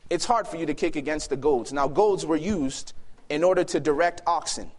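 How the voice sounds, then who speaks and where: A man preaching a sermon to a youth gathering, emphatic and shifting between loud and hushed delivery. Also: a little high, expressive, normal speed. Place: youth camp meeting hall.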